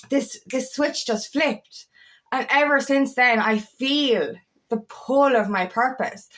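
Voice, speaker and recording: Excited woman, swears freely. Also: high-pitched. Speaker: empowerment coach. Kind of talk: casual talking-to-camera monologue.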